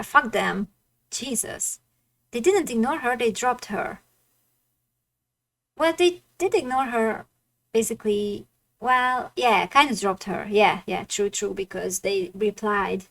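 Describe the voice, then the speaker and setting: A woman's voice: medium pitch, gravelly, poor audio. A woman streaming a dating sim, reacting bluntly and swearing often in casual gaming commentary.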